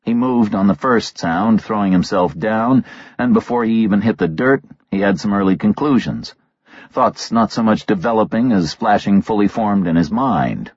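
A man narrating a thriller audiobook in a measured, terse delivery on a slightly dull recording. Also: on the low side, a little mellow, slightly rough, dry recording.

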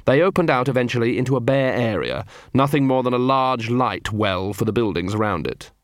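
A man narrating an audiobook in a steady, measured reading. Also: medium pitch, no echo, studio quality. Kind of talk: scripted narration.

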